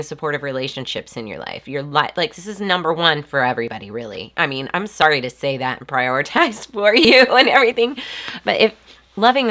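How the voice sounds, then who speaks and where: A woman's voice: deep voice, sharp tone. A woman in her forties with a stuffy, congested voice, hosting a live stream and talking in a casual, reflective way with lots of ums and restarts. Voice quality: nasal. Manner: hesitant, many ums and restarts.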